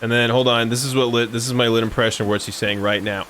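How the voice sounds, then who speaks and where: A man's voice: mid-range voice, fairly even intonation, fast, hardly any pauses, fairly bright tone, a little hiss or hum. A man casually chatting and joking on a live stream while playing a game, sometimes breaking into song. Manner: joking, sings song snippets.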